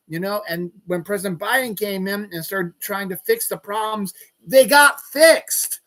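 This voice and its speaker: Profane ranting man, bright voice. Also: sits high. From Eastern United States. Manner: profane, angry ranting with sudden yelling. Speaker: podcast host. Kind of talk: solo rant.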